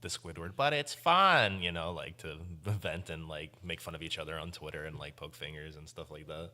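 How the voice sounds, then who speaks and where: A man's voice: very deep voice, flat delivery, a little fast, pushed and bright. A man chatting casually on a gamer podcast, often laughing as he tells stories.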